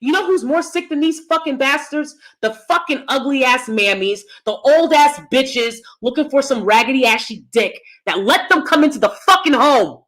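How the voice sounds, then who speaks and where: A woman vlogger telling a personal story in a blunt, profane, emphatic way, and calling herself loud. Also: high voice, expressive, normal speed, few pauses.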